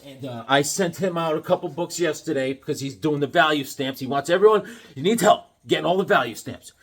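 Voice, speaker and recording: A man's voice: on the high side, brisk. A man hosting his own comic book channel, chatting in a jokey, rambling way. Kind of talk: casual chat.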